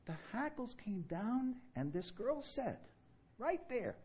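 Animated husky New York preacher man. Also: high-pitched. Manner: animated and fast-talking, with laughter and mock dialogue. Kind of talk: sermon.

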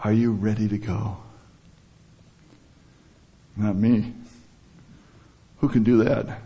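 A man's voice: lowish voice, flat delivery, unhurried, long pauses, mellow, breathy edge, lo-fi sound. Man preaching in a chatty, searching way. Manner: conversational, quotes scripture, rephrases mid-sentence. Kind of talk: informal sermon.

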